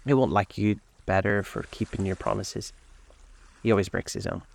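A man reading aloud as a serious, anxious male painter who speaks gravely and pleads. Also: fairly low pitch, moderate pace.

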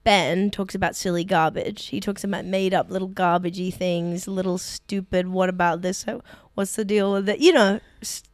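A woman comedian co-hosting a casual chat, telling stories in an animated way and laughing often. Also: lowish voice, normal speed, dry recording. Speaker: comedian and co-host.

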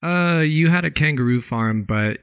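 A man's voice: on the high side, expressive, normal speed, smooth, dry recording. A man co-hosting a podcast, teasing in a dry way. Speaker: podcast co-host. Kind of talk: casual chat.

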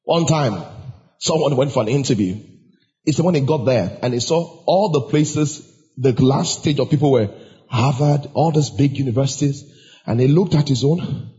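A man preaching a sermon as pastor, emphatic and now and then shouting or singing out lines. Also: mid-range voice, normal speed. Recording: dull sound with long hall reverb.

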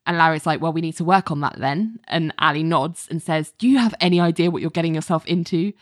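A woman with a lowish voice, recorded dry and close, talking through a TV episode scene by scene. She tells it casually and acts out the characters' lines as she goes. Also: fast, dry recording. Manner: recounts scenes in detail, acts out quotes, laughs often. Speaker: podcast co-host recapping a TV episode. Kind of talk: casual chat.

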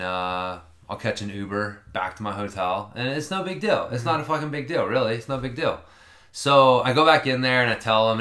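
A man's voice: mid-range voice, fairly bright tone, roomy sound. A man telling a long story in casual chat, rambling and swearing freely.

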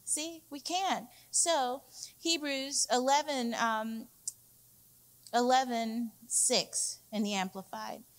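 A woman's voice: a little high, steady tone, slow pace. A woman executive pastor preaching a sermon, emphatic and repeating key phrases, calling the congregation "y'all". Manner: addresses listeners as "y'all".

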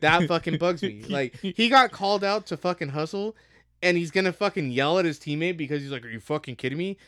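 A man's voice: fairly high pitch, fairly quick, bright, forceful tone, no room sound. A young American man co-hosting a podcast, ranting heatedly and swearing constantly. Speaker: podcast co-host. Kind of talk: casual profane rant.

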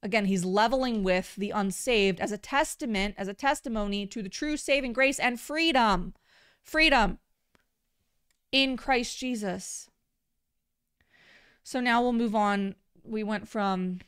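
A woman's voice: mid-range voice, clean tone. A woman giving a livestreamed Bible teaching in an earnest, conversational way, often repeating words for emphasis.

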